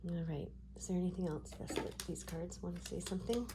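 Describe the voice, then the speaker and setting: A woman giving a tarot card reading, talking gently and reassuringly with frequent check-ins to her viewers. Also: fairly low pitch, fast talker, vocal fry, very noisy. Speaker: tarot reader.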